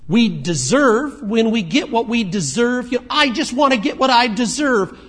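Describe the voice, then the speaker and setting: A man preaching a sermon in a conversational way, moving between emphatic points and quiet asides. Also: very high voice, expressive, unhurried, slightly rough. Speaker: pastor.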